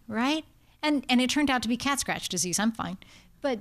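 Lively American woman palliative doctor. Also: a little high, moderate pace. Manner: lively, anecdotal, acts out quotes. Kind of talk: informal talk, storytelling.

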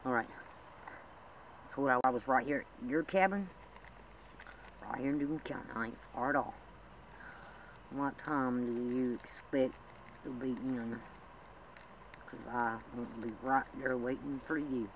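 A man's voice: medium pitch, measured pace, long pauses. A man talking in a rambling, emotional way in a homemade drama, with frequent laughs. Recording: distant mic with loud background noise.

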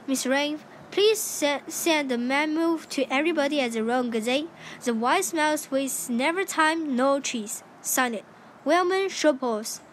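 A woman's voice: sits high, normal speed, slight background noise, natural voice. A woman voicing a bossy, impatient old male mouse grandfather who thunders and scolds in a storybook reading.

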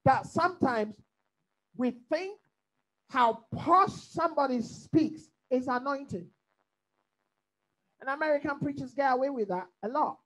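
A man's voice: extremely high pitch, lively intonation, measured pace, pauses often, fairly bright tone, low-quality recording. A man from Africa, a pastor leading a bible study, preaching emphatically with repeated phrases and questions to his listeners.

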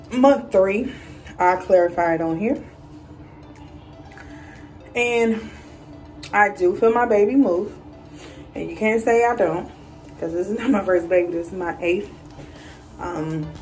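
A woman, chatting casually to camera in a vlog, a bit out of breath, with lots of fillers and animated quoted voices. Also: lowish voice, recorded from a distance, rough recording. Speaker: vlogger. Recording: voice a little off-mic, faint music.

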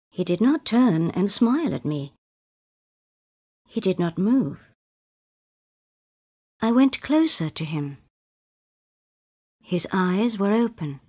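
Cast: woman narrator, slow clear storybook reading for learners, mid pitch. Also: mellow. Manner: plain, slow and clear reading in short sentences. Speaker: story reader.

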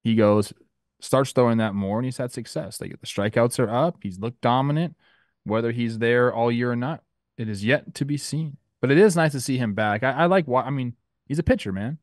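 Guy rambling on a podcast, middle-pitched voice, dead dry close mic, loose and chatty, keeps wandering into stories. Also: brisk, no echo. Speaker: podcast co-host and youth baseball coach. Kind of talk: casual sports podcast chat.

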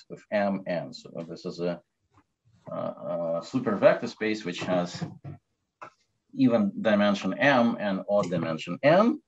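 A man giving an academic mathematics lecture, talking haltingly with many fillers and restarts. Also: lowish voice, darkish tone, breathy edge. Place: lecture hall. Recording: dull lo-fi lecture recording.

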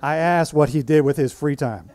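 A man's voice: on the high side, moderate pace, darkish tone, slight background noise, pitched above the performer's own voice, lightly acted. A man playing a brash, profane woman coworker who screeches and swears. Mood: blunt. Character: brash foul-mouthed woman office coworker.

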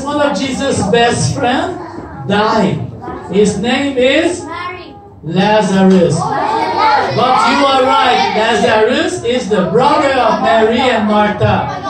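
An adult children's Bible teacher telling a story to kids in an animated way and asking them questions. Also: medium pitch. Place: church event with children, in a hall. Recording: echoey hall from far off, noisy.

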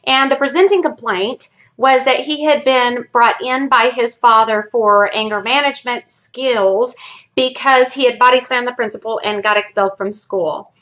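A woman therapist gives an educational talk straight to her viewers. Her voice sits a little high and sounds bright and forceful. She explains by telling a story. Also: dull audio. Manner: storytelling, friendly sign-offs. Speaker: family therapist.

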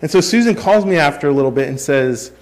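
A man's voice: fairly high pitch, expressive, fast talker, a little mellow. A man in his thirties preaching a sermon, mixing scripture with a self-deprecating family story. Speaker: pastor.

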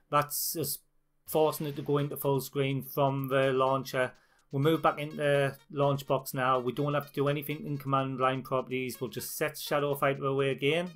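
A man from northeast England with a broad northeast English accent, talking through a software tutorial for his channel in a chatty, informal way. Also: mid-range voice, little pitch movement, normal speed, faint music behind. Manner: chatty and informal, with fillers and restarts. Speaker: YouTube channel host. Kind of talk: screen-recorded tutorial walkthrough.

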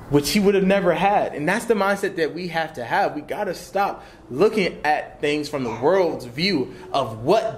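A young man in his twenties teaching a church class, conversational and animated, slipping into casual slang. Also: fairly high pitch, a little hiss or hum. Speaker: Bible teacher.

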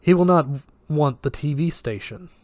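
A man's voice: fairly high pitch, darkish tone, no echo, pitched above the performer's own voice, natural voice. A man doing a cold interrogator. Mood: menacing. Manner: broken English, slow and deliberate threats. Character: menacing male military interrogator, calm and cold.

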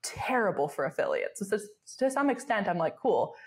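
A woman's voice: medium pitch, sing-song, fairly quick. Chatty Canadian woman, laughs a lot. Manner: chatty, self-deprecating, laughs often, lots of "like". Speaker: guest, travel blogger. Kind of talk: casual podcast interview.

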